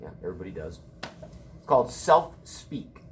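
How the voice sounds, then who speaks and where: A man's voice: low voice, sing-song, normal speed, slight background noise. A middle-aged man teaching a college class in a casual, joking storytelling manner. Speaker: college instructor.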